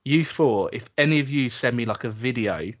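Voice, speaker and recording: A man's voice: medium pitch, lively intonation, moderate pace, muffled recording. A man co-hosting a casual podcast, wry and mock-indignant. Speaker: podcast co-host. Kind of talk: casual chat.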